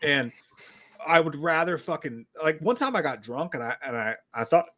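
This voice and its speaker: A man co-hosting a casual livestream, with a lively voice that swings up and down. His tone is bright and forceful, and he swears freely as he tells his stories. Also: fairly high pitch, normal speed. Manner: profane, animated storytelling with loud shouted quotes. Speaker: podcast co-host.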